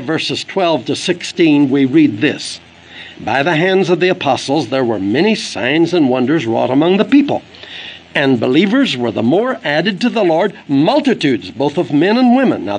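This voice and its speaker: A man's voice: a little high, husky, low-quality recording. A man delivering an earnest, emphatic sermon for an audio book, quoting scripture as he preaches. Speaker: evangelist preacher.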